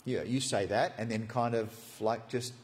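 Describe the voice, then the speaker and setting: A man preaching a sermon, animated and jokey, acting out the story. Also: mid-range voice, moderate pace. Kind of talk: expository sermon.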